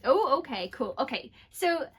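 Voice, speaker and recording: A woman's voice: a little high, expressive, moderate pace, fairly bright tone. Chatty, apologetic woman vlogger. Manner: chatty, apologetic, self-deprecating. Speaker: book vlogger. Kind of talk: casual unboxing chat.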